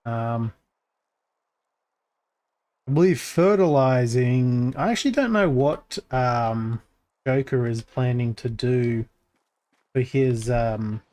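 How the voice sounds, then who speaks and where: A man casually narrating his gameplay as a streamer, thinking aloud with lots of fillers and restarts. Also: a little mellow. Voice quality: voice gets crackly when pushed deep.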